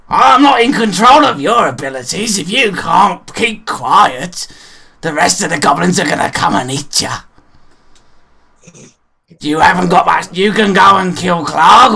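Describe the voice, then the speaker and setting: A man putting on a sneering male goblin with a gravelly, bright, slightly raised voice. He drawls slowly and contemptuously, spitting insults at his captors during a tabletop role-play. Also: sits high, pitched above the performer's own voice, heavily acted. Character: sly scornful male goblin captive. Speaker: goblin negotiator.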